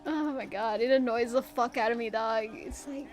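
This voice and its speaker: A woman's voice: fairly high pitch, normal speed, faint music behind. A young woman streamer chatting casually while she draws, rambling and self-mocking, with a bit of swearing. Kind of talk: casual chat while drawing.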